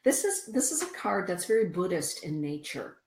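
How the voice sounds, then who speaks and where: A woman's voice: on the low side, very animated, moderate pace, echoey room. Chatty woman reading oracle cards. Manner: warm, chatty, reads cards aloud to listeners. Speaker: radio show host and card reader. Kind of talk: spiritual radio show, oracle card readings.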